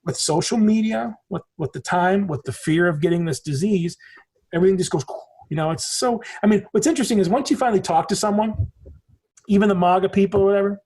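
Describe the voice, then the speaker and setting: A man's voice: sits high, fast talker, darkish tone, breathy edge. A man in his forties from the United States, a podcast guest telling stories in a rambling, emphatic way and swearing freely. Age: 40s. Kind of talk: casual conversation.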